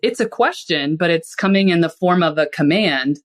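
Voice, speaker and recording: A woman's voice: fairly low pitch, moderate pace. Woman explaining with everyday examples. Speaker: podcast guest, finance and psychology expert. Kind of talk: casual conversational explanation.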